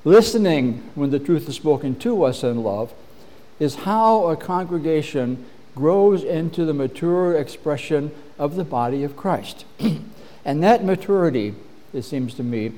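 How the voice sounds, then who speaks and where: Earnest male pastor, mellow voice. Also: a little high. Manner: measured, earnest, frequent throat clearing. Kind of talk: sermon.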